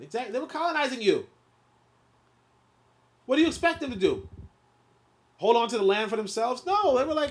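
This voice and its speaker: A man hosting a book reading, stopping often to comment in a loose, animated way and repeating filler words. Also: very high-pitched, fairly quick, pauses often, slight background noise. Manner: animated, repeats filler words, gets loud and laughing when riffing.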